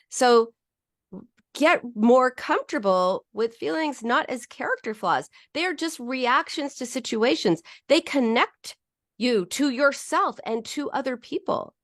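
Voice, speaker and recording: In a slightly high voice, a psychologist who hosts a podcast casually teaches about emotions, performing the voices she quotes. Her delivery is animated, with frequent restarts. The audio is studio quality, with no room sound.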